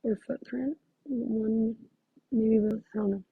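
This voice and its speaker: A woman's voice: a little high, steady tone, takes it slowly, creaky, slightly rough, dry recording, phone-quality sound. A woman working as a psychic medium, talking through a live reading in a gushing, exclamatory way and thinking aloud with many fillers.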